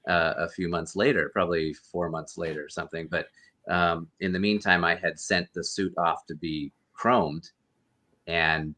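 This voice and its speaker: A man's voice: low voice, fairly even intonation, normal speed, bright, forceful tone. A man, a guest actor and costume performer, earnestly telling a rambling story over a video call. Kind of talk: casual storytelling interview.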